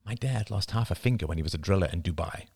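A man's voice: deep voice, lively intonation, quick pace, creaky, darkish tone, slightly rough, no echo, clean studio sound, full character voice. A man voicing a tense, pragmatic father on the run who argues in a blunt, matter-of-fact way. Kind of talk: audiobook character reading.

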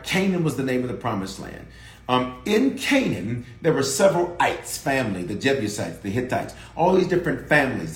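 Bishop preaching to his online crowd, voice leaping all over, kinda high, echoey room. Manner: preacherly call-and-response, urging viewers to comment. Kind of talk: livestream sermon preview.

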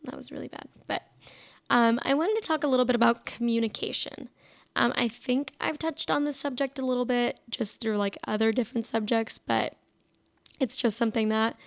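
A woman's voice: on the high side, smooth. A young woman hosting a solo podcast, talking casually and rambling with lots of fillers and restarts. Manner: rambling, many fillers and self-interruptions. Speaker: podcast host.

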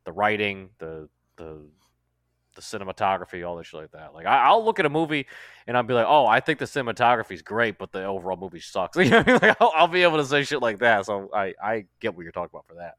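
A man on a podcast telling stories in an animated, profane way, often acting out quoted lines. His voice is bright and forceful. The sound is close and dry. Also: lowish voice, fast, no room sound. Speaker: podcast co-host. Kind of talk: casual podcast chat.

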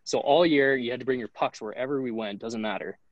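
A man's voice: medium pitch, a little fast, no room sound, lo-fi sound. A young man in his twenties, a podcast guest telling a story in a loose, profane, casual way, full of "like". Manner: loose, profane, heavy use of "like". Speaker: podcast guest, hockey goalie.

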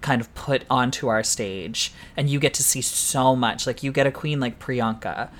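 A Canadian drag queen co-hosting a podcast, animated and casual, swearing freely with lots of likes and you knows. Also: medium pitch, normal speed.

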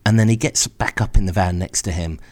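A man telling a first-person story in a wry, exasperated, animated way. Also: low voice, brisk. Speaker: podcast storyteller host.

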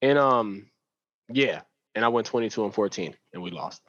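A man's voice: on the low side, expressive, normal speed, a bit bright, dry recording. Man, laid-back slangy gaming talk, muffled dry home mic. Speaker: podcast guest. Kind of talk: casual gaming chat.

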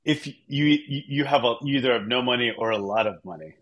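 A man at a middling pitch teases his co-host with dry, offhand jokes. He talks casually, like a regular guest on the show. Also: fast, a bit bright. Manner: dry, teasing quips. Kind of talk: casual podcast banter.

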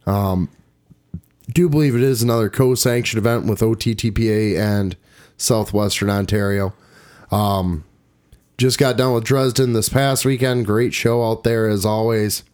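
A man hosting a casual podcast about tractor pulling, chatty and rambling, quick to poke fun at himself. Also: lowish voice, darkish tone, clean tone. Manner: chatty, rambling, self-deprecating. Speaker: podcast host and tractor pull announcer. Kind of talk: casual chat.

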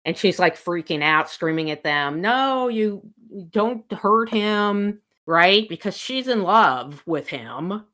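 A woman's voice: mid-range voice, lively intonation, slow pace, a bit bright. A woman in casual chat, animatedly retelling a novel's plot and quoting the characters in her own voice. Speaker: book discussion co-host.

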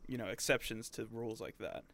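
A man's voice: on the low side, steady tone, a little fast, fairly bright tone. A young man co-hosting a casual podcast, laid-back and agreeable, chuckling often. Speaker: podcast co-host. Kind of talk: casual chat.

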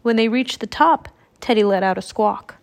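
A woman reading a children's adventure book aloud in a steady storytelling manner. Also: a little high, moderate pace, vocal fry. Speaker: audiobook reader.

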